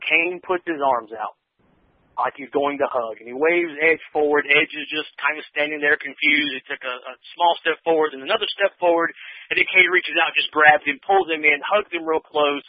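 A man on a podcast chats through a recap in a loose, rambling way, full of fillers and quick acted-out quotes. His voice sits a bit high and comes over a thin, tinny phone line with a dry, close sound. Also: dry recording. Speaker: podcast co-host recapping wrestling. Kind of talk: casual recap chat.

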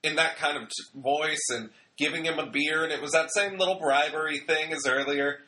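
Bright, chatty young man recapping wrestling. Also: on the high side, moderate pace. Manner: chatty, rambling, joking, acts out quotes. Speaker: wrestling show reviewer. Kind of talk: casual recap commentary.

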